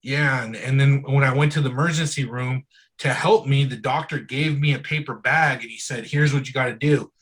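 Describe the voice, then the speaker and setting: A man with a slightly husky, mid-pitched voice speaks as an interview guest. His talk is loose and candid, full of casual asides like bro and dude. It sounds like an easygoing one-on-one chat. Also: steady tone, normal speed, a bit bright, poor audio. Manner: loose and frank, often says "bro" and "dude".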